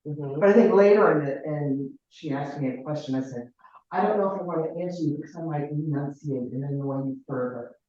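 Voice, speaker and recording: A woman in her sixties from Ohio, telling a personal family story in a rambling, halting way with many restarts. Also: sits low, dark tone. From Ohio, United States. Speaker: caller sharing her story. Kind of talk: personal storytelling in a group call. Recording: very echoey, distant, muffled.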